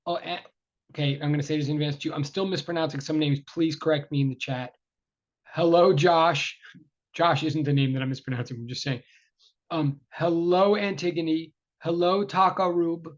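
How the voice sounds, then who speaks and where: A man's voice: a little high, steady tone, normal speed. A man teaching a university class over a video call, apologetic and flustered, chatty with many fillers and restarts. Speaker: university lecturer. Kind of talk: casual online class opening. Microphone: tablet microphone on a video call. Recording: dull lo-fi video call audio.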